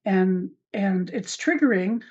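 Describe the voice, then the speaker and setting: Woman elder, halting, lo-fi recording. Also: medium pitch, a little mellow, husky. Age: older. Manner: halting, many fillers and restarts. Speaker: podcast host. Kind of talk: personal spoken account. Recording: dull lo-fi recording.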